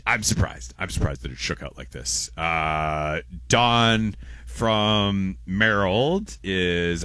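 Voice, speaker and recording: A man's voice: extremely low pitch, fairly bright tone, no echo. A man co-hosting a casual radio show, reading listener messages with a rambling, stammering delivery and frequent laughs.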